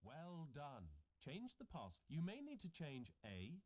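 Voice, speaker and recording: A man voicing a bright educational game narrator. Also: a little high, huge pitch swings. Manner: slow, simple instructional phrasing.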